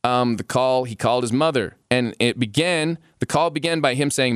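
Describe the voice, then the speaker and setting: A man co-hosting a casual podcast, talking in an animated, incredulous way with many restarts. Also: mid-range voice, moderate pace, dry recording, clean studio sound. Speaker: podcast co-host.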